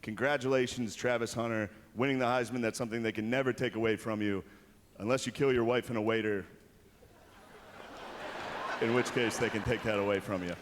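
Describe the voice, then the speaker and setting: A man's voice: medium pitch, fairly even intonation, a little fast, background noise. Dry stand-up comic, man. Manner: dry delivery, slips into exaggerated impressions. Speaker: comedian hosting an awards show. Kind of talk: stand-up monologue. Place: large arena stage with live audience.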